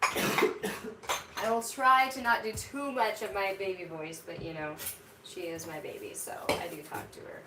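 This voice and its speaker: A woman hosts a casual cooking vlog from her home kitchen, chatting to live viewers in a rambling way packed with "like." Her mid-range voice is fairly even in intonation and measured in pace. The distant mic captures a roomy kitchen with audible background noise.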